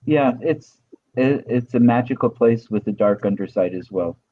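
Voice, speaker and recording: A male host interviewing a guest over a video call, speaking in a relaxed, curious, musing way. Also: medium pitch, moderate pace. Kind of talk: interview conversation. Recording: tinny phone-like call audio.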